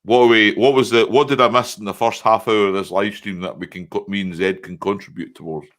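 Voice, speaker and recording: A man's voice: fairly low pitch, steady tone, fairly quick, a bit bright. A man joining a live stream, teasing and bantering in casual chat.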